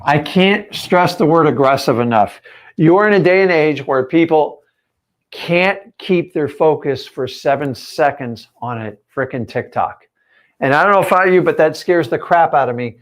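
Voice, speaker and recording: A man's voice: fairly high pitch, lively intonation, normal speed. A man teaching in a live stream, punchy and emphatic, firing rhetorical questions at his viewers. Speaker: real estate coach.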